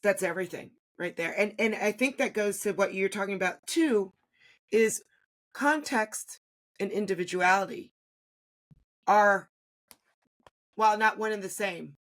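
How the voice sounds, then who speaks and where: A woman's voice: mid-range voice, measured pace, long pauses, fairly bright tone. A woman with a mid-range voice interviews a guest. She responds reflectively, thinking aloud and restarting her phrases as she goes. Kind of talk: conversational interview.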